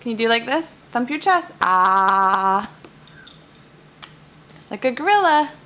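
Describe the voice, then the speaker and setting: In a lo-fi home video, a mom chats with her toddler over breakfast, her high voice quick and full of lively intonation as she sing-songs encouragement and praise.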